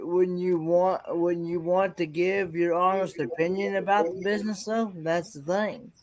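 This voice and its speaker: A man co-hosting a casual livestream chat, halting and repeating his starts. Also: high voice, darkish tone. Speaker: co-host.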